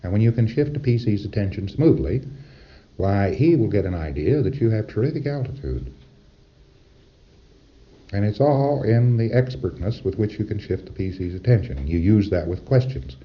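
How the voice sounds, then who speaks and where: A deep-voiced man delivers a lecture, emphatic and rhetorical, often checking in with his audience. The recording is dull and lo-fi, like a 1960s lecture tape. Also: lively intonation, normal speed.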